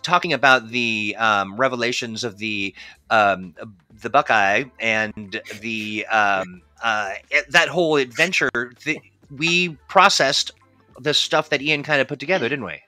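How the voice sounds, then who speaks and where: A man's voice: medium pitch, a little slow, pushed and bright, no room sound, faint music behind. A man hosting a casual stream chat, upbeat, laughing often and rambling a little. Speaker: stream host.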